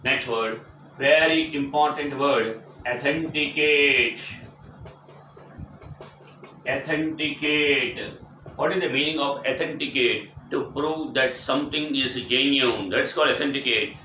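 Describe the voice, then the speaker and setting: A man teaching English vocabulary, spelling words out letter by letter, explaining each meaning and repeating it, asking if it is clear. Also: mid-range voice, normal speed, pushed and bright. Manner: repetitive, explanatory. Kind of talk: vocabulary lesson. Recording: echoey room with faint ambient noise.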